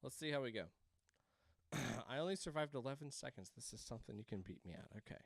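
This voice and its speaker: A man's voice: medium pitch, expressive, fast talker, no echo, clean studio sound. A man playing a video game at home into a desk microphone, rambling, laughing and breaking into screams. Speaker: game streamer. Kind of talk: let's-play commentary. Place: home room.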